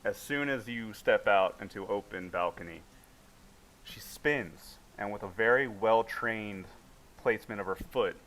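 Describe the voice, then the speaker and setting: A man's voice: lowish voice, unhurried, a bit bright, poor audio. A man narrating a tabletop game as game master, with vivid, casual narration.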